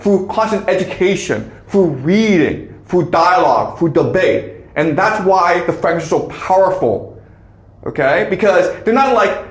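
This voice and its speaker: A man giving a classroom lecture, checking in often with the students. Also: sits high. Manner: checks in with frequent "okay?". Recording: echoey classroom.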